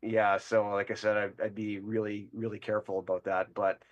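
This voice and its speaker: A man's voice: on the low side, flat delivery, moderate pace, dull audio. A Canadian man calling in to a show, telling a crude, boastful story in a rambling way and laughing along. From Winnipeg, Canada. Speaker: caller. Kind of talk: casual call-in storytelling.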